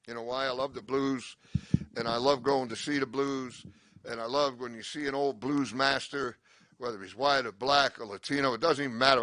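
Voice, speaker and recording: Older male stand-up, rambling and profane, bright, dry close mic. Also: mid-range voice, dry recording. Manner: rambling, profane, self-interrupting. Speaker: stand-up comedian. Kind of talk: stand-up comedy set.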